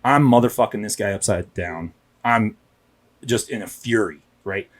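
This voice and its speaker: A man's voice: on the low side, moderate pace. A man, a police officer, telling his story candidly and emphatically in a casual podcast interview, often checking in with "right?". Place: podcast studio.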